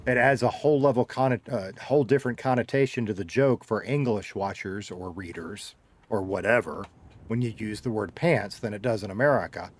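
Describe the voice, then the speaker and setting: With a mid-range voice, a middle-aged man with a Southern US accent reads his stream chat and chats casually with a live audience. He jokes and rambles through stories, his drawl sliding heavier and lighter.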